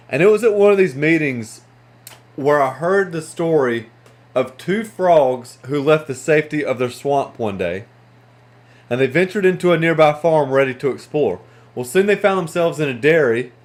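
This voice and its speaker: Earnest motivational speaker, fairly high voice. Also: male voice. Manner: earnest, conversational, frequent restarts. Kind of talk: motivational storytelling.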